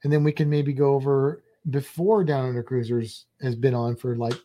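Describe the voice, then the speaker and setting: A man co-hosting a casual show, talking in a relaxed, rambling way with many restarts. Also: mid-range voice, normal speed. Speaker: podcast co-host. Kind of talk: casual chat.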